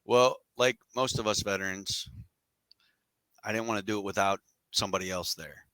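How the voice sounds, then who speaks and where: A man's voice: on the low side, steady tone, normal speed, sharp tone, dry recording, rough recording. A middle-aged man telling his story as a podcast guest, candid and rambling with casual slang.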